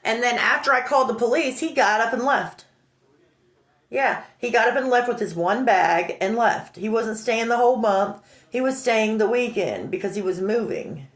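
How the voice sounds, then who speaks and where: A woman telling a personal story in an animated, indignant way, acting out the dialogue. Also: a little high, moderate pace. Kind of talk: emotional storytelling. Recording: roomy echo.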